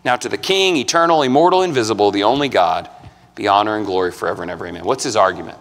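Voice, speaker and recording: A man preaching a sermon in a church, emphatic, climbing loud and high on some lines and dropping low and quiet on others. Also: rapid-fire. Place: church sanctuary. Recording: long hall reverb.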